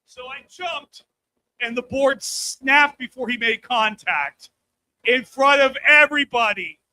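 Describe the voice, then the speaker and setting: A man's voice: very high voice, slow pace, pushed and bright, poor audio. A man doing a stand-up comedy set on a live stage mic, brash and crude, often checking in with the crowd. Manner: brash, crude punchlines, keeps checking in with "all right?".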